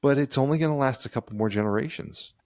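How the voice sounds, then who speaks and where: A man's voice: mid-range voice, fast talker, a little mellow, dry recording, clean studio sound. A man co-hosting a podcast from the United States, thinking aloud in a rambling casual chat with frequent restarts. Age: adult, a parent. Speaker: podcast co-host.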